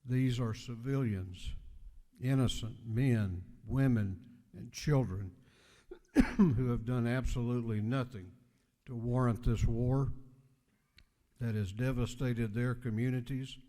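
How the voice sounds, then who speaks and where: A man, speaker of a state legislature, delivering a formal floor speech with measured, emphatic delivery. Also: mid-range voice, warm tone. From United States. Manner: measured, emphatic oratory with deliberate pauses. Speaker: legislative speaker presenting a resolution. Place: state house chamber. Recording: reverberant legislative chamber.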